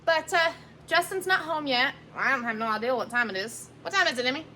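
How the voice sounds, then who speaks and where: Filming on a handheld phone, a vlogger chats casually while preparing dinner in her home kitchen, rambling and correcting herself along the way. Her voice is bright, a bit high, expressive and fairly quick. A faint room hum runs beneath the recording.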